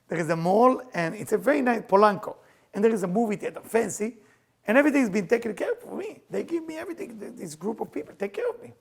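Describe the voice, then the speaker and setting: Gravelly, lively middle-aged man teaching. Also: sits high. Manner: animated, earnest, in halting broken English. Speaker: spiritual teacher. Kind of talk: storytelling lecture.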